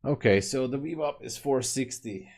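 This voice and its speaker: A man's voice: medium pitch, moderate pace, darkish tone. A man giving live commentary while day trading, making wry, muttered remarks to himself about the chart. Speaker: day trader streaming live.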